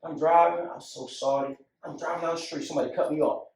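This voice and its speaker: A man telling a personal story in a candid barbershop conversation, swinging from hushed to loud. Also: fairly high pitch, fairly even intonation, brisk, a little hiss or hum. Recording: echoey room, mic far off.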